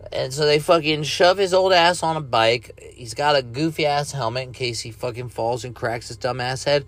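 A man rambling casually while high, laid-back and profane, coughing now and then and breaking into ranting bursts. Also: a little fast, a bit bright, dry recording. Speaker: cannabis vlogger. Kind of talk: casual stoned rambling monologue.

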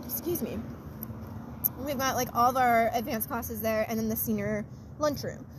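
High-voiced giggly teen girl. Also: moderate pace, low-quality recording. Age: teens. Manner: giggly, chatty storyteller. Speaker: podcast co-host. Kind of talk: casual chat. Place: car in a parking lot at night. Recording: faint traffic noise in a parking lot.

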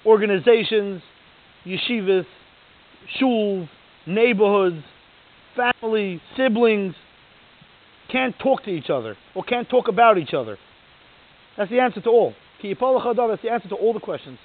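A man's voice: high voice, lively intonation, normal speed. A man giving a sermon as a Torah lecturer, telling a story and then pressing emphatic rhetorical questions. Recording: tinny phone-like recording.

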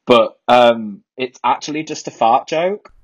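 Husky man with a light Birmingham accent. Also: medium pitch, a little slow. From Birmingham, England. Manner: laughs often, relaxed and joking. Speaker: drag performer guest. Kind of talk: casual chat.

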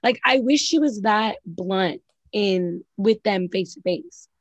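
A woman chatting casually about a reality TV episode, gossipy and quick, packing her talk with "like". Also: mid-range voice, expressive, no room sound, highs cut off. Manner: quick, gossipy, filler-heavy with lots of "like". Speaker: podcast co-host. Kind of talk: casual reality TV recap chat.

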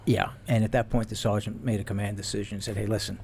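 A man and former police officer telling stories in casual chat, animated and laughing as he goes. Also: lowish voice, fast talker, a little hiss or hum. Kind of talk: casual storytelling.

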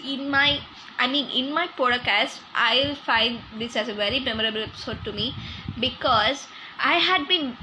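High-voiced rambling podcast host. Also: female voice, normal speed, pushed and bright, a little hiss or hum, low-quality recording. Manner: rambling, many restarts. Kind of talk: casual podcast sign-off.

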